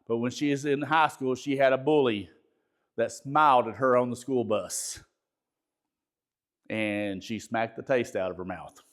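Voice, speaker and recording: Speaking unhurriedly and pausing often, this male pastor has a medium-pitched voice. He delivers a folksy, conversational training talk, repeating words and asking his audience questions.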